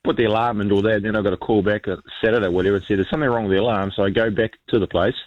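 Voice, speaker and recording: A man's voice: on the low side, steady tone, racing, no room sound, narrow, tinny audio. A New man chatting casually as a radio guest, rambling with lots of ums and restarts.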